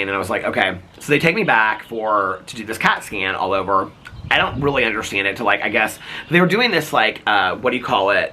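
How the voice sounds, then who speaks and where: A man vlogging, retelling a hospital visit in a rambling, animated way, full of "like" fillers and acted-out quotes. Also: medium pitch, slightly rough. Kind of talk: casual storytelling to camera.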